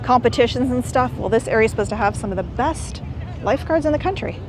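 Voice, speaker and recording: A woman narrates a casual travel vlog in a slightly high voice, wandering from one story to the next. She is recorded outdoors on a camera mic, with clear traffic and street sounds behind her. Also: animated, fast talker. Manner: chatty, rambling, enthusiastic. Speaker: vlogger host. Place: outdoors at a busy beach town.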